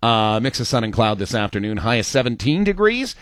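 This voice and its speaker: A man's voice: mid-range voice, big pitch swings, fairly quick, no echo. A man co-hosting a morning radio show, chatting casually and reading the weather and promos in a studio. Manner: easygoing, reads weather and promos. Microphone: studio microphone.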